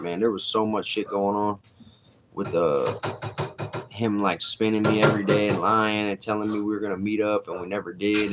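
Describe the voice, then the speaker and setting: Low-voiced man chatting on a livestream. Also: background noise. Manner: blunt, streetwise, reads chat aloud. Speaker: livestream host. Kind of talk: casual livestream chat.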